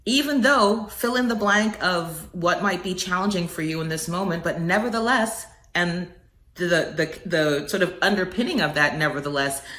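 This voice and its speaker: A woman's voice: fairly low pitch, fairly bright tone, echoey room. A middle-aged woman giving an earnest, preacher-like motivational message, swelling on key words. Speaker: inspirational speaker.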